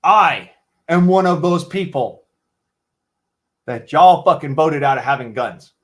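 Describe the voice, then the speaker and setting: Angry high-voiced man ranting. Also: expressive, unhurried. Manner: heated, swearing constantly. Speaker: vlogger. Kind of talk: angry profane rant.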